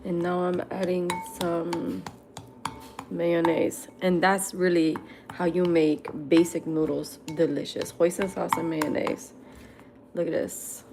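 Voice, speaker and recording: Blunt, slow-talking woman eating on a livestream. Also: on the low side, level tone, background noise. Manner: reads viewer comments aloud and answers them bluntly; laughs often and talks between bites. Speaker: livestream host. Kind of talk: casual livestream chat while eating. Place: at home at a table.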